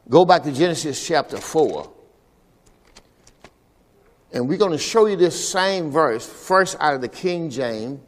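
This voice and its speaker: A man's voice: mid-range voice, a little mellow. Man preaching with long hall reverb. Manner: call-and-response preaching, repeating "all right" to the congregation. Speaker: pastor. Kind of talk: sermon. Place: church service.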